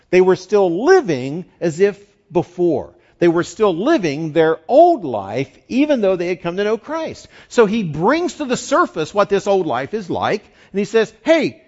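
A pastor preaching a sermon, emphatic, repeating key phrases and rising for emphasis. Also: male voice, sits high, a little mellow, highs cut off.

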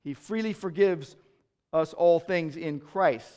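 A man preaching a sermon in a fairly high voice. He repeats his key lines for weight and swells toward passionate, emphatic peaks. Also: takes it slowly, darkish tone. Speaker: pastor.

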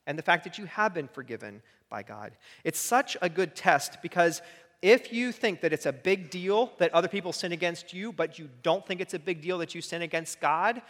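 A man's voice: high voice, lively intonation, normal speed, a bit bright. A man preaching a sermon to a congregation, earnest and conversational, often checking in with "right?" asides. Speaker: pastor. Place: church sanctuary. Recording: long hall reverb.

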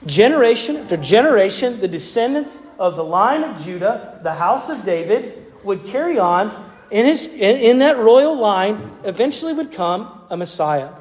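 A male pastor giving a sermon in an animated way, often repeating words and restarting phrases. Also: sits high, normal speed. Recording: long reverb from a large hall.

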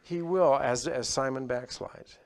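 A man preaching a sermon, swinging between loud, raised passages and quiet, lowered ones. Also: unhurried. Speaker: pastor.

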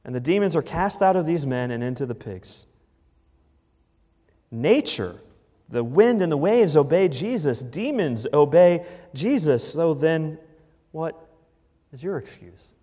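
A man's voice: on the high side, big pitch swings, measured pace, dark tone. Emphatic male pastor with hall reverb. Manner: emphatic, punchy preaching. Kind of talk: sermon. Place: church.

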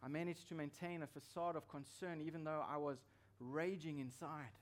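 A man's voice: fairly high pitch, steady tone, moderate pace. A man preaching a sermon as pastor, emphatic and repeating his key phrases for weight.

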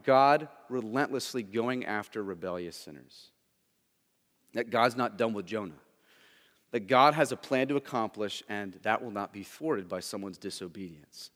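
A male pastor preaching a sermon, swinging between loud urgent emphasis and hushed, low intensity, often checking in with "right?". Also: in a large hall. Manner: frequent "right?" check-ins with the congregation.

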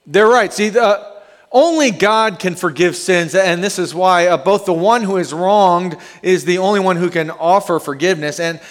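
Animated male pastor in a reverberant hall. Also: high voice, normal speed. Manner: animated, conversational preaching with restarts. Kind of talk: sermon. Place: church sanctuary.

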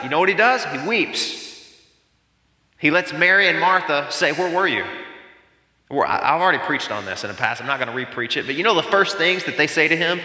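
A male pastor preaching a sermon, asking the congregation questions and pausing for effect. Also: on the high side. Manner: expressive preaching with dramatic pauses and rhetorical questions. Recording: reverberant hall.

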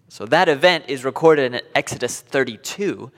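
Animated male Bible teacher in a hall. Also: medium pitch, moderate pace. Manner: animated, quoting scripture with dramatic emphasis and small laughs. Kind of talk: Bible class lesson. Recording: long reverb of a hall.

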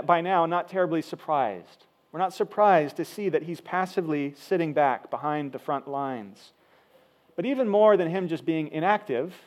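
Delivering a sermon, a man walks through a passage of scripture in a relaxed, conversational manner full of fillers. He's a pastor whose voice runs a little high with a darkish tone.

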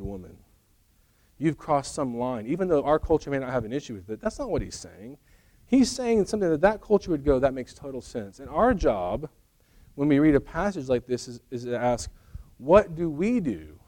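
Conversational pastor preaching, joking asides. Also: male voice, medium pitch, a little mellow. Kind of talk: sermon.

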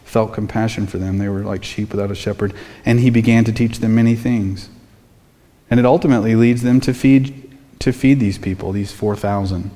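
Low-voiced preaching man in reverb. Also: fairly even intonation, moderate pace, warm tone. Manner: conversational preaching with rhetorical questions. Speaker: pastor. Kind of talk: sermon.

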